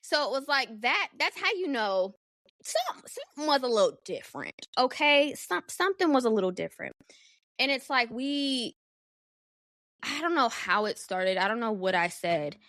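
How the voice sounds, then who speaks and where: Young woman podcast host, frank and foul-mouthed, animated, slightly high voice, dry close sound. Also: normal speed, no echo. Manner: candid, profane, animated. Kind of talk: casual solo podcast storytelling.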